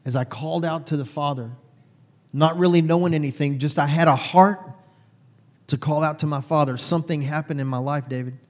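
A man's voice: a little high, steady tone, a little fast, big-room sound. A man from Texas, a guest telling his personal faith story in an earnest, heartfelt way.

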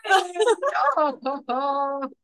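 Giggly Scottish woman with a high voice. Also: sing-song, extremely slow, a bit bright. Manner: giggly, bubbly storytelling. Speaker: podcast co-host. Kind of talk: casual chat.

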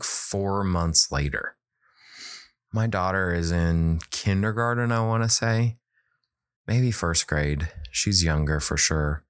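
Man, children's book author, very deep voice, dry close sound, animated casual storytelling. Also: dry recording. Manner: animated, acts out quoted dialogue.

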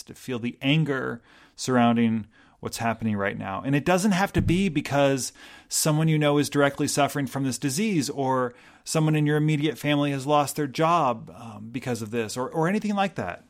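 A pastor delivering a reflective, gentle sermon, pausing often and restarting his sentences. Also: mid-range voice.

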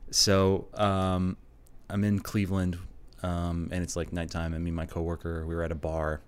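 A man's voice: low voice, monotone, normal speed, clean tone. A man co-hosting a podcast, telling a story in a wry, conversational way. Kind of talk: casual storytelling chat.

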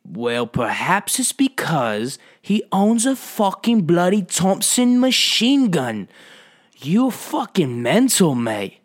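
A man putting on a loud brash British bloke. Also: high-pitched, sing-song, unhurried, few pauses, pitched above the performer's own voice, heavily acted.

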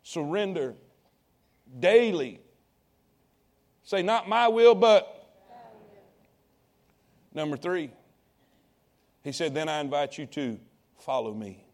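Male preacher, high tenor voice, calls out to the congregation, drops low then rises loud. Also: lively intonation, takes it slowly, pauses often. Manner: call-and-response preaching to congregation. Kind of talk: sermon.

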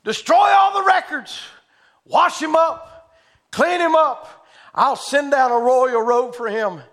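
A preacher acting out a merciful king in a sermon story, shouting royal commands. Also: very high-pitched, a little slow, pitched above the performer's own voice. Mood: commanding.

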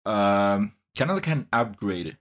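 A man's voice: fairly low pitch, expressive, a little slow. A man co-hosting a video game podcast, talking casually in a thoughtful, somewhat hesitant way. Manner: thoughtful, hesitant, self-correcting. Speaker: podcast co-host. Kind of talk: casual chat.

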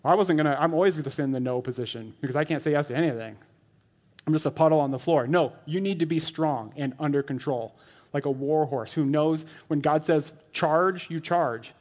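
Joking, chatty preacher man, slightly high voice. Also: a little fast, darkish tone. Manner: chatty and joking, lots of "like", laughs at his own jokes. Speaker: lay elder preaching. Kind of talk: casual sermon.

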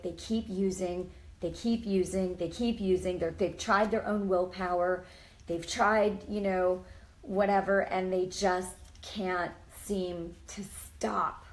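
A woman's voice: medium pitch, a little mellow, low-quality recording. A woman hosting a Christian interview show, fervent and emotional, urging viewers to cry out to God and praying aloud. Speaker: host.

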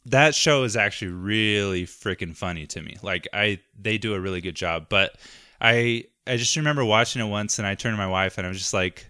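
A man in his thirties chats casually on a podcast. His voice sits on the low side but sounds bright and forward, recorded close and dry. He gets animated, laughs often and sometimes trails off into mumbles. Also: fairly quick, clear, resonant tone, no room sound. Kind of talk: casual chat.

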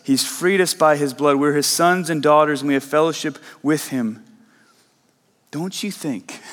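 A man's voice: on the high side, fairly bright tone, big-room sound. A man preaching a sermon as a pastor, earnest and emphatic, often asking the listeners "right?". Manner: earnest, emphatic, repeats questions and asks "right?".

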